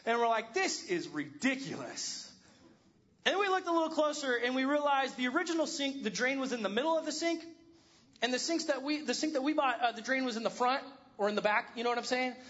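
A man's voice: very high voice, fast, fairly bright tone, muffled recording. A man in his thirties preaching a sermon, telling a funny home-repair story with self-deprecating humor. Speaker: pastor.

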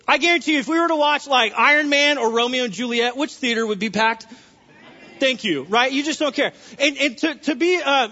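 A man, a pastor, preaching in a church sanctuary in a lively, conversational way full of rhetorical questions. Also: extremely high pitch. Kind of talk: sermon. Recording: dull, husky sound with long hall reverb.

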